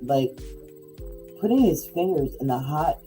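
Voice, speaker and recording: Middle-aged woman rambling through a casual podcast chat, super mellow voice, faint guitar behind. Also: low voice, lively intonation, measured pace, rough recording. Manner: rambling, full of likes and restarts. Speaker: podcast co-host.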